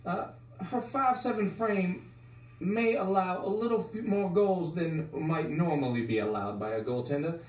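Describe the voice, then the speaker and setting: A man's voice: high voice, a little slow, darkish tone. Cocky man doing crude sports analysis. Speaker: sports show co-host. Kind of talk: mock sports analysis comedy. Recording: roomy sound from a distance.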